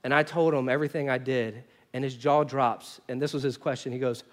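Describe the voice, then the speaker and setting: Preaching a sermon at a brisk pace, this male pastor has a medium-pitched voice. He tells stories animatedly, moving from loud bursts to quiet asides.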